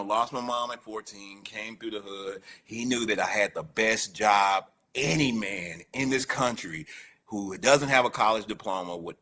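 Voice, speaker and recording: A man as a podcast guest, telling a personal recovery story in an animated way. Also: low voice. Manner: animated storyteller, acting out quoted voices.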